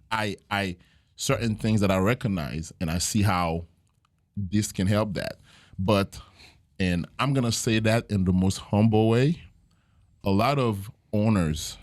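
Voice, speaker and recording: Low-voiced man, earnest and reflective. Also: darkish tone, no room sound, clean studio sound. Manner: earnest, reflective storytelling with frequent fillers. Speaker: jiu-jitsu gym owner and podcast guest. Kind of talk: casual interview conversation.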